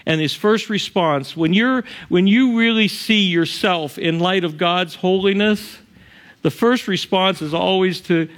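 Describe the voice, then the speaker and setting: A man's voice: high voice, unhurried, fairly bright tone. A middle-aged male pastor preaching a sermon in a conversational way, chuckling often and acting out the quotes he tells.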